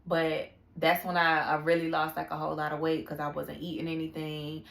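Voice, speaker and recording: A woman's voice: low-pitched, monotone, brisk, vocal fry, a bit bright, roomy sound. A young woman talking candidly in a casual personal vlog, confiding and full of slang and fillers. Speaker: vlogger.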